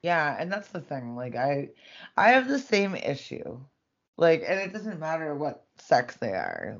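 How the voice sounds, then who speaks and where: A man's voice: on the high side, a bit bright. A young adult man, co-hosting a podcast in casual, crude chat and laughing often. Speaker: podcast co-host. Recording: dull lo-fi sound.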